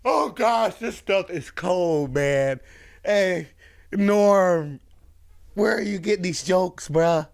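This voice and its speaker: A man's voice: high voice, slow, vocal fry. A man casually reacting to comedy clips, rambling and laughing along. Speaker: reaction video host.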